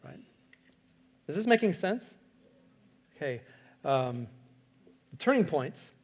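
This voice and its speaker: Male speaker, slightly high pitch, energetic workshop lecture with acted-out quotes. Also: slow. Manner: animated, acts out quoted lines, asks the audience questions. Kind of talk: lecture to an audience.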